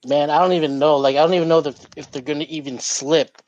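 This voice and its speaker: A man's voice: fairly high pitch, steady tone, fast, a little mellow, no room sound. A man co-hosting a casual podcast, rambling with lots of "like" and "you know". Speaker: podcast co-host. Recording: dull lo-fi mic.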